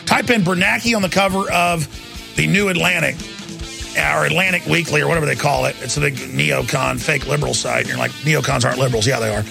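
Gravelly man in a sarcastic rant. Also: fairly high pitch, fairly quick, music in the background. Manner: angry, sarcastic ranting. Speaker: talk show host. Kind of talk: ranting talk show monologue.

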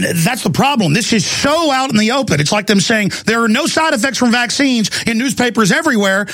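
A man's voice: high-pitched, fairly bright tone, no echo. A man hosting a call-in talk show, delivering an angry, intense ranting monologue. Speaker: talk show host taking calls.

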